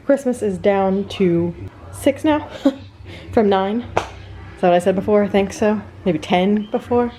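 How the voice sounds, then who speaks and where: A woman's voice: mid-range voice, a little slow, dark tone, slight background noise. A woman in her thirties chatting casually to camera at home in a home vlog, upbeat and thinking aloud as she talks. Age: 30s. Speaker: vlogger.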